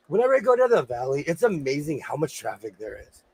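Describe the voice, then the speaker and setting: A man's voice: a little high, sing-song, brisk, hardly any pauses, darkish tone, slightly rough. A man hosting a casual livestream from his home sewing room, chatting and cheerfully greeting viewers by name.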